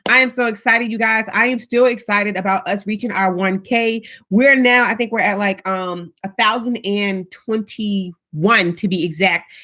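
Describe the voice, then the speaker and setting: A woman's voice: mid-range voice, fairly even intonation, normal speed, hardly any pauses, bright, forceful tone. A woman hosting a casual live stream, chatting upbeat and greeting viewers one by one by name.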